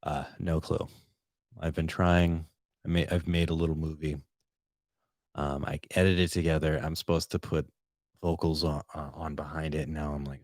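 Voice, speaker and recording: Man, very low voice, podcast host, rambling, self-mocking, casual, dry room. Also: flat delivery, normal speed, darkish tone, dry recording. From Boston, USA. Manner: rambling, self-deprecating, loose and profane. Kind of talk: casual solo podcast chat. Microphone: headphones with podcast mic.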